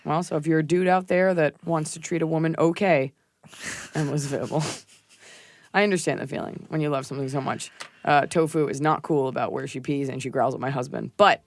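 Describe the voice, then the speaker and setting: A woman's voice: deep voice, fairly even intonation, fairly quick, no echo. A woman comedian hosting a podcast, telling stories in casual chat, blunt and profane, acting out the people she quotes. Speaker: podcast host and stand-up comedian.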